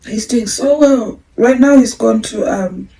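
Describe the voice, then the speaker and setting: Woman in her forties, podcast host, gravelly fry, candid rambling personal story time. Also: fairly high pitch, unhurried, warm tone, low-quality recording. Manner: candid, emotional, rambling with restarts.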